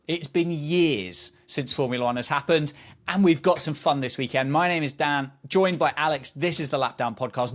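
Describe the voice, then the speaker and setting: A male podcast host in casual chat, playful and rambling with plenty of enthusiasm. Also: medium pitch.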